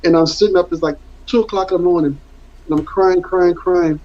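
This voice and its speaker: A man's voice: high voice, fairly even intonation, a little fast. A middle-aged man, telling his story in a candid interview, earnest and rambling, repeating words for emphasis. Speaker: interview guest, former football player. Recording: dull lo-fi audio.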